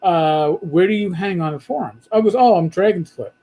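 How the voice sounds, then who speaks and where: A man's voice: high-pitched, normal speed, dark tone, poor audio. A man hosting a livestream chat, telling a story and quoting others. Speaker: podcast host.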